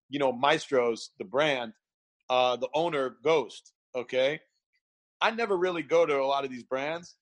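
A man telling stories in a casual chat, laughing often and acting out quotes. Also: medium pitch. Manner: animated storyteller, laughs often, acts out quotes. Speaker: guest, barber event founder.

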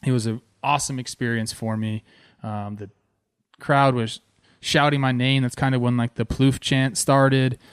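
A man in his thirties from Southern California recounts his playing days while talking over game footage. He speaks in an animated, excited way and keeps dropping "man" into his sentences. His mid-range voice sounds dry and close. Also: mid-range voice, moderate pace, clean tone, no echo. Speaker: former pro baseball player hosting a video series.

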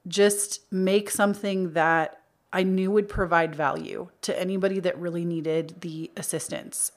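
A young adult woman hosting a spiritual healing podcast, chatty and earnest, with frequent filler words, speaking into a microphone. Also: fairly low pitch. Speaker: podcast host. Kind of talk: casual spiritual podcast talk. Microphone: studio microphone.

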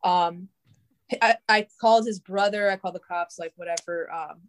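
A woman's voice: on the low side, steady tone, normal speed. A young adult woman telling a long story in casual, rambling talk, swearing often and filling her speech with "like". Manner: profane, filler-heavy, rambling.

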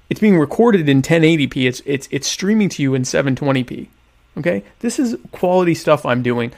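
A man's voice: a little high, gravelly, darkish tone. A man hosting his own livestream show, chatting casually and sarcastically with his viewers in rambling, self-mocking asides.

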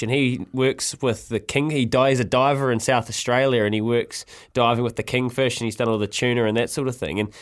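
A man hosting a radio show, telling a story in lively, laughing banter. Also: medium pitch. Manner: animated storyteller, laughs often. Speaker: radio host.

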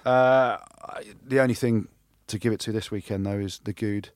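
A man co-hosting a rugby podcast, talking in casual, animated banter and often restarting his sentences. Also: on the low side, normal speed, no echo, studio quality. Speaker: podcast co-host, rugby pundit. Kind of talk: casual chat.

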